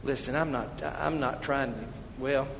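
A man's voice: mid-range voice, fairly even intonation, a little slow, vocal fry. Man preaching urgently in an echoey hall. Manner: swings from loud urgent preaching to hushed prayer. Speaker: pastor. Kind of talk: evangelistic sermon. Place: church sanctuary. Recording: dull echoey church hall recording with faint noise.

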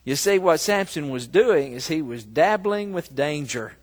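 A man preaching a sermon, telling a story slowly and breaking into loud, emphatic bursts. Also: fairly high pitch, lively intonation. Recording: long reverb of a large hall.

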